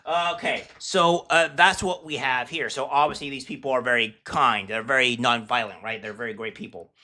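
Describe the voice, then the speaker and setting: A man hosting casual political commentary, talking in a scornful, mocking way with many halting fillers. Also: medium pitch, pushed and bright. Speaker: commentary host.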